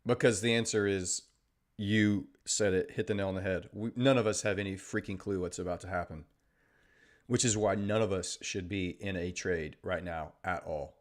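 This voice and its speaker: Deep and steady, this man's voice moves at a normal speed as he hosts a trading stream. He reads out what viewers type and responds with casual, joking sarcasm.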